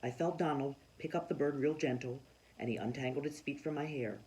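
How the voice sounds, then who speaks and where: A man reading a children's storybook aloud in a lively, expressive way. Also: mid-range voice, a little fast, rough recording. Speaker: children's book reader.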